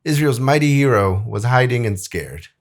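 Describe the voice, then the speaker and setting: A young man who edits videos presents an easygoing Bible lesson in a mid-range, expressive voice at a moderate pace. His delivery is loose and chatty, full of fillers and plenty of "like"s, and he slips into reading scripture and acts out the quotes.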